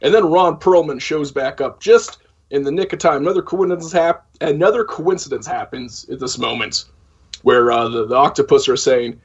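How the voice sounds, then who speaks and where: A man's voice: a little high, moderate pace, breathy edge. A man co-hosting a podcast, giving a casual, profane, rambling recap of a film's plot. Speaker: podcast co-host. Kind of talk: casual film discussion. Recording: dull lo-fi audio.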